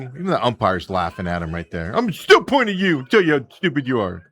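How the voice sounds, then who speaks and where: A man's voice: mid-range voice, fairly quick. A middle-aged man hosting a sports talk show, ranting with strong opinions and mocking the people he talks about. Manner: animated ranting, mocking impressions of players.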